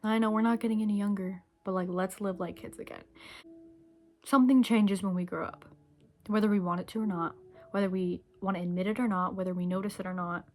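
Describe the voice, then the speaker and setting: A woman's voice: medium pitch, fairly even intonation, fairly quick, darkish tone. A young woman talking to camera in a rambling, emotional way, sometimes dropping to a whisper and chewing candy as she speaks. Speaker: vlogger. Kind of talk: casual reflective monologue.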